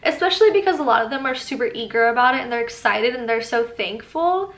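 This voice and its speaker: A woman's voice: fairly high pitch, expressive, quick pace, fairly bright tone, echoey room. A young woman telling a casual storytime as a vlogger, chatty and reading old texts aloud with laughing asides. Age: young adult.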